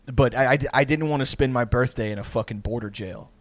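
A man's voice: medium pitch, a little fast, no room sound. A young man with a drawl tells a sprawling story in loose, casual talk. He rambles and swears freely, breaking into laughter along the way. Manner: rambling, profane, laughing often.

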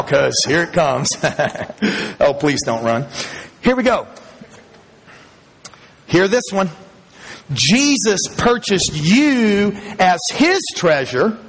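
A man preaching a sermon to a congregation in church, speaking emphatically, rising in pitch and loudness as he builds each point and chuckling between them. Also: gravelly, husky. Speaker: pastor. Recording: long hall reverb.

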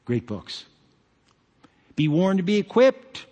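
A man's voice: sits high, sing-song, slow pace, dark tone. A man pastor preaching a sermon emphatically, with joking asides. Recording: long hall reverb.

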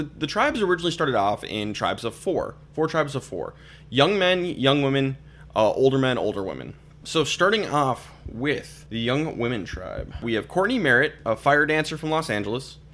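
A young podcast host from Minnesota chats casually in a mid-range, slightly bright voice. He rambles, leaning heavily on fillers and frequently restarting his sentences.

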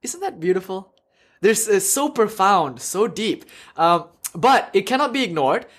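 A man giving a classroom lecture, his voice sitting a little high. He talks with animated energy, laughing often and restarting his sentences as he goes. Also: unhurried, slightly rough. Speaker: lecturer on religion.

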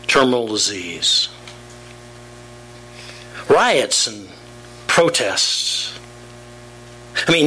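A man's voice: medium pitch, sharp tone, slight background noise, poor audio. A man, a pastor, preaching a sermon with emphatic rhetorical questions.

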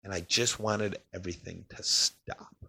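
A man telling a personal story of crisis in an emotional, halting way, his voice sinking quiet in the hardest parts. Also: steady tone, gravelly, slightly rough. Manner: emotional, pausing, voice drops low and quiet in heavy parts.

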